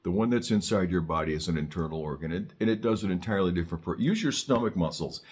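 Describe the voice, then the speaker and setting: An older man gives a relaxed saxophone lesson. His voice sits very low, and he talks in a chatty way, full of jokes and restarts. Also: fast, few pauses, background noise. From Southern California. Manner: chatty, joking asides, frequent restarts. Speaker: saxophone teacher. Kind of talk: casual on-camera music lesson.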